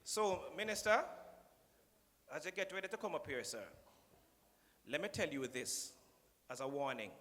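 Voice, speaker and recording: Addressing the minister from a conference podium, this Jamaican-accented man delivers a joking public speech, teasing playfully and drifting into patois. His fairly high, fairly bright voice is animated at a normal speed, broken by long pauses, and a large hall's long reverb trails behind it.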